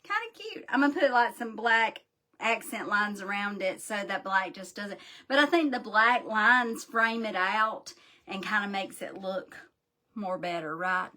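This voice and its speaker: Bright-voiced woman chatting while crafting. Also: medium pitch, unhurried. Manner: folksy, scatterbrained, talks straight to viewers. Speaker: crafting livestream host. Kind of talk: chatty live craft demo.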